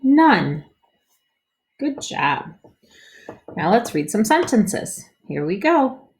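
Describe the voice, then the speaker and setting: A woman teacher leading a phonics lesson for young children, sounding out words slowly and patiently and prompting the listener to read along. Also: mid-range voice, sing-song, a little mellow. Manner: slow, clearly sounded-out reading with patient prompts.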